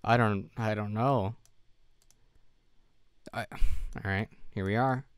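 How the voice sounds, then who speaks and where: A man's voice: fairly low pitch, fairly even intonation, slow pace, smooth, dry recording. A man streaming from home, thinking aloud as he plays, second-guessing himself and sounding tired. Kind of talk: casual live-stream commentary while gaming.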